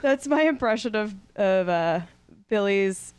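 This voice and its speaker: A woman co-hosting a casual podcast, playful and quick to laugh. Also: mid-range voice, lively intonation, clean tone, no echo. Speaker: podcast co-host.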